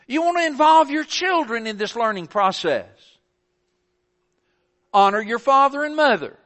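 Older man preaching, high and sharp-toned, earnest, presses his points hard. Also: big pitch swings, unhurried, long pauses. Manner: earnest, builds to forceful emphasis. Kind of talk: sermon.

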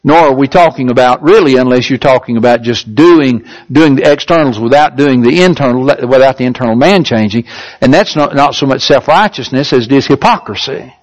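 A man's voice: medium pitch, a little fast, highs cut off. A man preaching a sermon, stretching out key words for emphasis and lifting his voice when he reads a definition aloud.

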